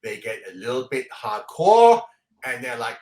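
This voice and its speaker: A man hosting a casual comic book podcast, excitedly walking through the pages and laughing often. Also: mid-range voice, a little slow. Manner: excitable, laughing often, reads dialogue aloud. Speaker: comic book show host. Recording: echoey room.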